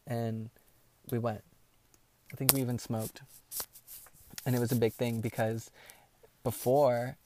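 A man's voice: mid-range voice, a little mellow, a little hiss or hum. A young man hosting a podcast, telling a personal story in a candid, rambling way with lots of swearing and emotion. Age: young adult. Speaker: podcast host.

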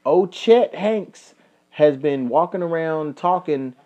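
A man's voice: on the high side, slow pace, lo-fi sound. A man from Kentucky with a Kentucky accent, a podcast host in casual, profane chat. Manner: profane, animated storytelling.

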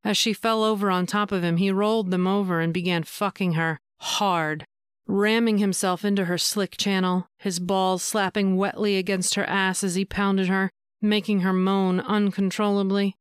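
A woman reads an erotic story in a steady, measured voice. Her tone is smooth and clear, of middle pitch, recorded dry and close with no room sound. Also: no room sound. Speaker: audiobook narrator. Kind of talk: erotic audiobook narration.

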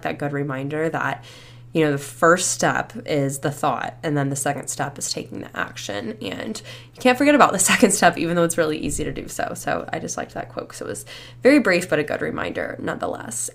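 Young female podcast host, deep-toned, casual and reflective, slightly congested. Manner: chatty, reflective, many fillers like "you know" and "like". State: slightly stuffy after a cold, a bit out of breath. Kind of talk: casual solo podcast talk.

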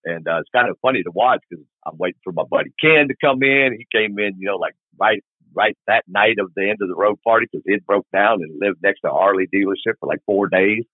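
A fast-talking middle-aged man from Arkansas, USA, with a husky voice on the low side, spins a long, rambling motorcycle story as a podcast guest. He acts out the characters and quotes their dialogue with animation in this casual storytelling. The sound is phone-quality, with no echo.

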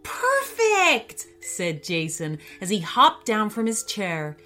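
A woman narrating a children's story in an expressive storytelling manner. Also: lowish voice, a little slow, soft background music.

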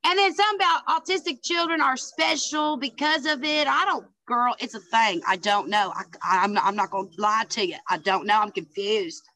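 Sassy Southern woman with a bright high voice. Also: brisk, few pauses, no room sound. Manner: sassy, calls people honey and girl; swears freely, animated storytelling. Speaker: podcast guest. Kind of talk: casual chat.

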